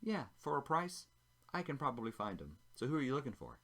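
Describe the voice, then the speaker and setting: Man voicing a hushed, sly woman informant. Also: medium pitch, huge pitch swings, brisk, voice pushed up, heavily acted. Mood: casual. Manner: hushed, conspiratorial. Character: secretive female information broker, sly.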